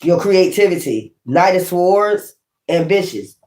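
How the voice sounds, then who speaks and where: A woman's voice: lowish voice, expressive, unhurried, darkish tone. A woman giving a casual spiritual tarot reading, swearing often and repeating her points for emphasis. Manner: profane, emphatic and repetitive. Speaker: tarot reader. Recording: echoey room.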